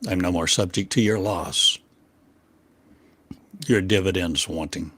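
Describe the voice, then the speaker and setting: Man preaching in halting rhetorical questions. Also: no room sound. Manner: declamatory, rhetorical questions in short halting phrases; swings between loud emphasis and quiet low drops. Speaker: spiritual teacher. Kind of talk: channeled sermon.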